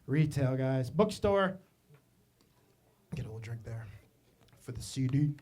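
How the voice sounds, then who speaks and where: A man from Maine telling stand-up comedy stories, animated and self-mocking, with asides to the audience. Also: mid-range voice, unhurried. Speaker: stand-up comic.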